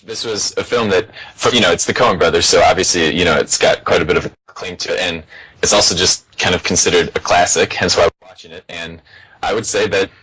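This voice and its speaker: A man's voice: low voice, a little fast, pushed and bright, husky, low-quality recording. A young man co-hosting a casual film chat, laid-back, with many fillers and laughs between thoughts. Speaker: podcast co-host.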